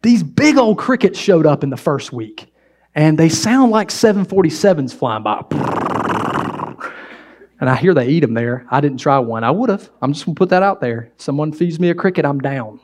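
A pastor with a fairly high, darkish voice delivers a sermon in a conversational, humorous style. He tells stories and poses questions to his audience.

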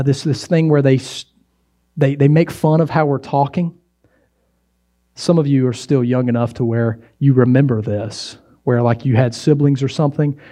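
A man preaching a sermon as pastor, conversational and animated, slipping into mocking voices when he quotes others. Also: on the high side.

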